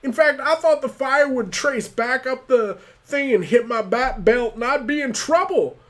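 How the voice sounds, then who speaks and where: A man voicing a silly caped vigilante hero in a strained, loud put-on voice. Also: very high voice, lively intonation, a little slow, pitched above the performer's own voice, heavily acted. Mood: puzzled. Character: comically squeaky male caped vigilante hero.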